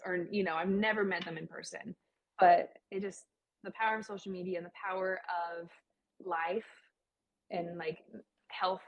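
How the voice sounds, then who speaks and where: Speaking at a normal speed with fairly even intonation, this young woman pauses often, her voice lowish and the audio poor. As an interview guest telling her cancer story, she's chatty and heartfelt, filling her speech with "like."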